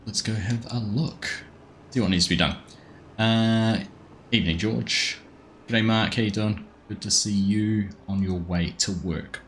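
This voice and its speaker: A man's voice: lowish voice, measured pace, a little hiss or hum. A middle-aged Australian man casually chatting on a live game stream, greeting viewers by name from his desk at home. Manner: friendly, greets chat by name, relaxed.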